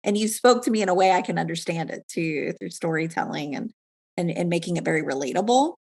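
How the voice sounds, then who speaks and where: A woman's voice: fairly low pitch, expressive, quick pace, vocal fry. A woman hosting a podcast interview, asking questions with enthusiasm and frequent laughter. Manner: warm, enthusiastic, laughs often. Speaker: podcast host.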